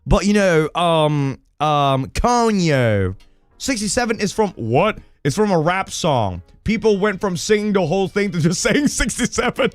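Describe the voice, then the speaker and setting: Man in his 30s, casual stream chat, high voice, very lively swings in pitch, swears a lot, dry close sound. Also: no echo. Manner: excitable, swears often, bursts into shouted rants and laughter.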